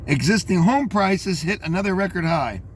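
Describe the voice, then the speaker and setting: A man's voice: high-pitched, lively intonation, normal speed, a little hiss or hum. An older man reading out news headlines and commenting on them in a rambling, scornful way, talking straight to his listeners.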